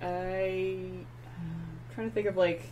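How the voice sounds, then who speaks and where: A woman co-hosting a casual chat show, telling stories and getting loud as she acts out her anger. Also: fairly low pitch, takes it slowly, soft background music, low-quality recording. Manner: animated storyteller, gets loud acting out her anger. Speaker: podcast co-host.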